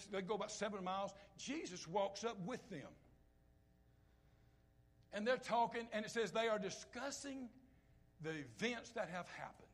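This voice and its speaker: A high-pitched man preaches. He talks to the congregation conversationally, then builds to loud, impassioned peaks before dropping back to near-hushed asides. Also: slightly rough. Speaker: pastor. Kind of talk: sermon.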